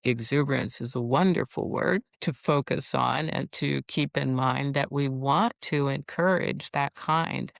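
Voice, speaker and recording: A middle-aged woman psychologist, a podcast guest, explaining in a calm, measured way. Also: a bass voice, vocal fry, dry recording, studio quality. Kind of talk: podcast interview.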